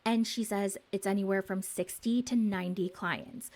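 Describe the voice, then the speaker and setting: A woman's voice: medium pitch, fairly even intonation, normal speed, darkish tone. A woman giving a sarcastic, gossipy recap of a TV show for a YouTube video.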